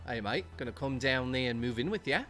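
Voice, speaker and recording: A man's voice: mid-range voice, expressive, a little fast, a bit bright, soft background music, close to an everyday voice. A man putting on a cheeky Aussie bloke. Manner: cheeky, drawling mock Aussie slang. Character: brash Australian man taking someone's job.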